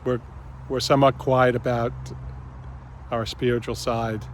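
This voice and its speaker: A man hosting his own reflective spiritual vlog, speaking gently and pausing often. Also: mid-range voice, little pitch movement, slight background noise. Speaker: channel host.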